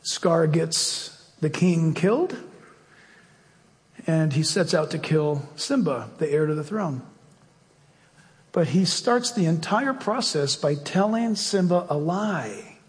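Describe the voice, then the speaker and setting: High-voiced, unhurried preaching man. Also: expressive. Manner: emphatic, rising to fervent prayer. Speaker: pastor. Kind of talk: sermon and prayer. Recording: long hall reverb, faint music.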